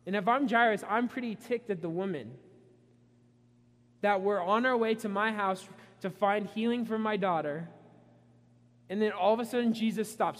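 A man preaching a sermon, retelling a story with animated asides and voicing the characters' frustration. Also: high voice, moderate pace. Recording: long reverb in a hall.

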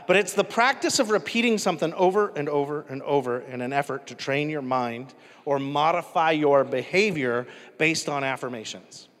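A man's voice: on the high side, fairly bright tone, long reverb tail. A male pastor preaching a sermon in a casual, conversational way, often asking the congregation questions.

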